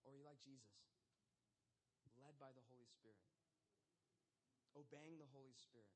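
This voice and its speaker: A man in his thirties preaching a sermon in a conversational, animated way, full of casual fillers. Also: mid-range voice, normal speed, pauses often, rough recording. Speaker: pastor.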